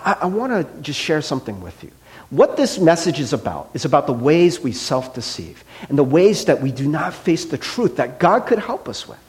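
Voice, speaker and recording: A middle-aged man preaching a casual sermon as a pastor, conversational with frequent fillers and acted-out quotes. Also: on the high side. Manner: conversational, animated, many "like" and "right?" fillers, acts out quotes.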